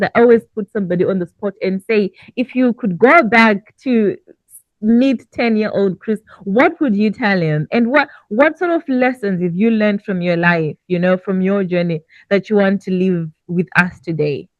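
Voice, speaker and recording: A woman's voice: medium pitch, moderate pace, no room sound, muffled recording. A woman hosting a casual interview podcast, asking reflective questions in an encouraging way. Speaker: podcast host.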